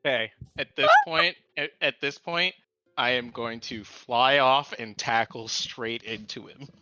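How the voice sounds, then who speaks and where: Male player, bright tense tone, dry lo-fi mic, jokey. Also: mid-range voice, unhurried, no room sound, soft background music. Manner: jokey, playful quips. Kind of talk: casual play at a tabletop game.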